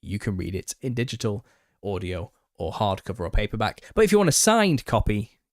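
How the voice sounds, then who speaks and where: Man, host, live Q&A, opinionated, low-pitched, dry recording. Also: very animated, brisk, no echo. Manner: opinionated, gets worked up and laughs. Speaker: channel host. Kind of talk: live Q&A monologue.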